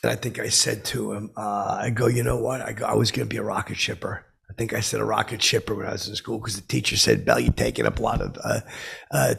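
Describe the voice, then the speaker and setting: A man's voice: on the low side, lively intonation, fast, a bit bright, exaggerated voice. A man putting on a clueless, lonely, brash oddball, telling a rambling comedic story full of fillers and restarts. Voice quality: gravelly, husky. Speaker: comedic podcast host in character.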